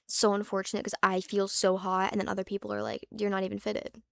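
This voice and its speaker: In a vlog, a young woman talks fast in a mid-range, monotone voice that's a bit bright and has vocal fry. Her casual chat rambles candidly with lots of fillers and restarts, free swearing, and the odd whispered aside, all with no echo.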